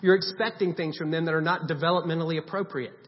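A man's voice: on the high side, steady tone, fast. A man preaching a sermon in a conversational way, stressing points by repeating short commands. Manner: conversational preaching with emphatic repetition. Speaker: pastor. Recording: long hall reverb, dull sound.

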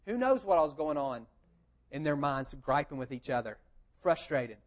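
A man preaching a sermon, telling the story in a lively conversational way and asking rhetorical questions. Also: a little high, normal speed. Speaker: pastor. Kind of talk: expository sermon.

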